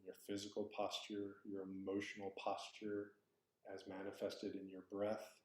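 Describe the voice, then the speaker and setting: A man giving a dharma talk as a Zen teacher, reflective and searching, often correcting himself aloud. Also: fairly low pitch. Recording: roomy echo.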